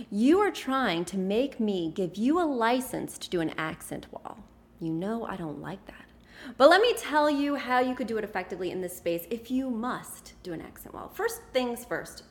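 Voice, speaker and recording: A woman's voice: a little high, expressive, normal speed. A woman hosting an interior design podcast, giving casual advice in a chatty, playful and emphatic way. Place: office.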